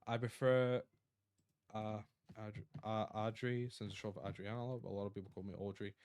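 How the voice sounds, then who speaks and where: A man's voice: fairly low pitch, flat delivery, brisk, darkish tone, no room sound, clean studio sound. A tired Australian man chatting casually on a live stream, rambling and reading out chat messages. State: tired, yawning.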